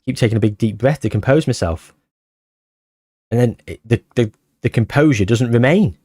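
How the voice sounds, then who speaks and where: A man commentating his football management game as he plays, anxious and short of breath, bursting into excited shouts at near misses. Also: mid-range voice, moderate pace, dry recording, studio quality. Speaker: gaming YouTuber.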